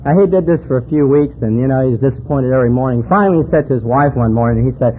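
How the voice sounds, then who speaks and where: This man races through his recovery meeting talk with hardly any pauses, his voice medium in pitch. He's a folksy storyteller cracking jokes for a hall audience, captured on a tinny, phone-like recording with a bit of background noise.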